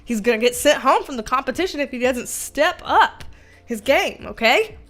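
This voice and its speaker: High-voiced giggly woman streaming. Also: normal speed, soft background music. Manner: giggly, chatty, easily excited. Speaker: livestream host reading chat. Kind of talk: casual livestream chat.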